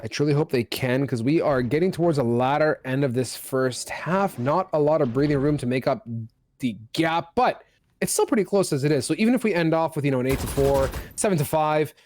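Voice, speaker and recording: A man doing live esports color commentary, steady and analytical with bursts of excitement on big plays. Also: fairly high pitch, brisk.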